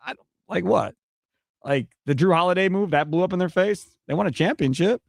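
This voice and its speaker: A man with a Wisconsin accent hosting a sports radio show, arguing his points in an animated way. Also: high-pitched, fairly quick, gravelly, no echo, clean studio sound. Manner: animated, argumentative, mocks others' panic in quotes. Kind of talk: sports talk radio commentary. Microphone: studio microphone.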